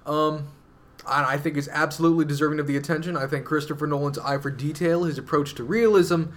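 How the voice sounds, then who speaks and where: A man's voice: fairly high pitch, steady tone, fast, a bit bright. A man co-hosts a casual podcast in a slightly raised voice. He reasons through his points analytically, stopping often on fillers. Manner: thoughtful, analytical, many fillers. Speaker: podcast co-host. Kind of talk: casual chat.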